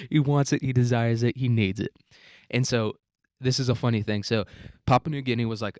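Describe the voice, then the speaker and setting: A man's voice: mid-range voice, fairly even intonation, brisk, long pauses, a little mellow, smooth, no echo, clean studio sound. A man hosting a casual history podcast, talking in an irreverent, profane way and acting out the people he quotes. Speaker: podcast host.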